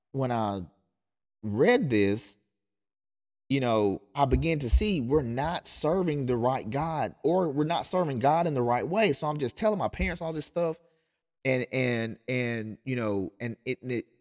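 An emphatic male pastor talks straight to his podcast listeners at a mid-range pitch. He presses his points hard and keeps circling back to them. He often stumbles and restarts in his urgency. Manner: emphatic, insistent, repeats and restarts phrases. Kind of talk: impassioned podcast monologue.

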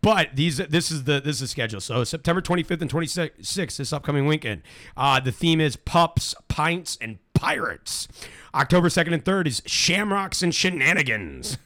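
A Midwestern man hosting a radio show, joking sarcastically and swearing freely. His pitch leaps up and down as he talks. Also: expressive, moderate pace, fairly bright tone. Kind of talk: casual radio banter.

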